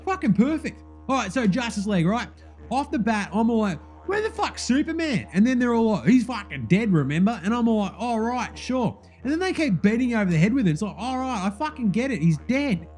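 A brash, foul-mouthed Australian bogan bloke, as a man puts him on, loud and rowdy in his talk. His voice sits high and keeps swearing. Faint music runs underneath. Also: very animated, brisk, exaggerated voice. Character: brash crude Aussie bogan basketballer man.

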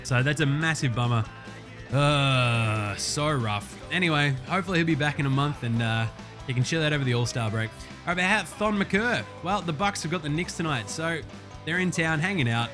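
A young Australian man hosting a casual sports podcast, loose and profane, getting excited over stats. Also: fairly high pitch, moderate pace, over music. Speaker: podcast host.

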